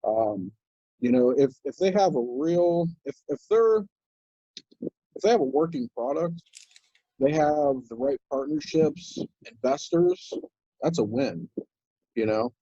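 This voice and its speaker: A man with a husky, mellow voice talks in a relaxed, rambling way, full of "um"s and restarts. The sound is dry and a bit muffled, like a video call. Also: fairly high pitch, a little slow, long pauses, dry recording. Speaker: guest crypto commentator. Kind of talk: casual chat.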